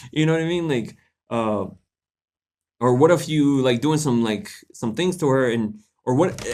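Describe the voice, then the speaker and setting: A man's voice: on the high side, a little mellow. A young man hosting a live question-and-answer stream, chatting casually in a laid-back, joking, slangy way and laughing often. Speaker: livestream host answering viewer questions.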